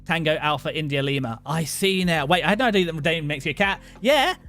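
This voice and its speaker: A young British man hosting a livestream, rambling and joking excitably with many restarts. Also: fairly high pitch, fast, soft background music. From Britain. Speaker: VTuber streamer host. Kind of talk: casual livestream chat.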